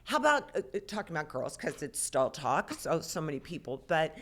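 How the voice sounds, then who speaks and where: A woman's voice: low voice, sing-song, brisk, a bit bright. Reassuring middle-aged woman co-host. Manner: motherly, reassuring, folksy sayings. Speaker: podcast co-host. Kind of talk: casual chat.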